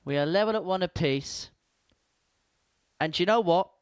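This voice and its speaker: Wry, bantering darts commentator. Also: male voice, high voice, moderate pace, clean tone, dry recording, studio quality. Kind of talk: live sports commentary.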